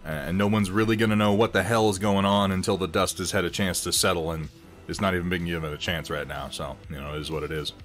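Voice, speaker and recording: A man's voice: sits low, steady tone, fast, a bit bright, faint music behind. A man hosting a casual livestream, chatting wryly with viewers in a rambling way while he eats and paints miniatures.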